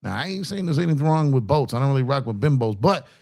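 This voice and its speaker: A man's voice: medium pitch, expressive, fast talker, a little mellow. A man hosting a sports show, ranting in fired-up fan commentary, repeating himself for emphasis and taunting rival fans. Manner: reads out viewer super chats.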